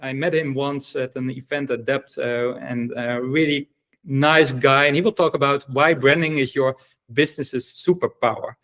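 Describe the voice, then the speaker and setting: A man's voice: medium pitch, steady tone, moderate pace, a bit bright. A man hosting an online event, introducing speakers enthusiastically with many fillers. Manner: enthusiastic, filler-heavy, stumbles over names. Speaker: event host.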